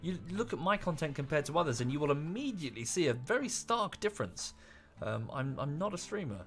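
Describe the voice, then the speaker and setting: A man's voice: a little high, big pitch swings, a little fast, fairly bright tone, soft background music. A young British man talking casually on a live game stream, ranting in a rambling, self-correcting way. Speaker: streamer and YouTuber. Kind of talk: casual live-stream chat while gaming.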